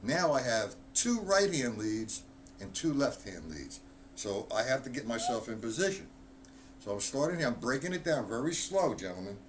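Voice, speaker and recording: Man, drum teacher, blunt and offhand, medium-pitched voice, faint noise behind. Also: big pitch swings, normal speed. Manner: blunt, offhand, counts stickings aloud. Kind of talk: live online drum lesson.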